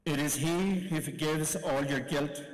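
Slow, measured male church reader. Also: on the high side. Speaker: lector. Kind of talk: liturgical reading. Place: large church. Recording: long church reverb.

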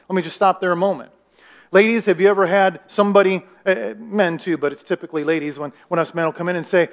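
A man's voice: high-pitched, a little fast, a bit bright. A man preaching a sermon as pastor, talking conversationally, asking the congregation questions and acting out the voices of people in the story. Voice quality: acts out quoted voices in the story.

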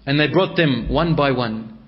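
A male preacher telling a story in a sermon, swinging between raised and hushed delivery. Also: medium pitch, normal speed, highs cut off.

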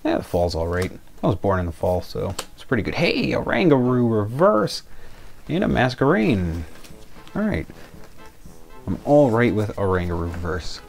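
A man's voice: on the low side, sing-song, moderate pace, creaky, faint music behind. A young man casually opening trading card packs, reading out the cards and grumbling in mock outrage when the packs come up short. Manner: exasperated, muttering card names, mock outrage. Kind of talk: casual pack-opening commentary.

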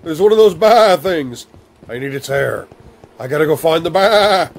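Man, young adult, gravelly husky voice, goofy baby-talk game commentary, fairly high pitch. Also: lively intonation, normal speed. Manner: goofy baby talk and rhyming nonsense words. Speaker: gaming video host. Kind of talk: silly comedic let's-play commentary.

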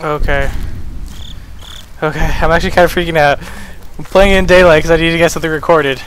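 A young man talks his way through a horror game with a bright, edgy voice that sits a little high. He curses at his character and admits how scared he is. A faint hiss of noise runs under the recording. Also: fairly even intonation, a little fast. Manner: jumpy and profane, yelling at the character, screaming at scares. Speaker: gameplay commentator.

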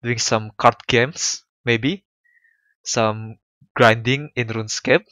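A man's voice: medium pitch, steady tone, slow pace, sharp tone, no echo. A young man streaming a visual novel, reacting emotionally and apologizing often as he plays. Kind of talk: let's play commentary.

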